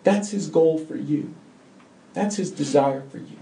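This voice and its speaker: A man delivers an earnest, emphatic sermon, swinging between hushed and loud passages. His voice is gravelly and mellow, sitting a little high. The sound is roomy and picked up from a distant mic in a church. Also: unhurried. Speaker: pastor. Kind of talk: sermon with closing prayer.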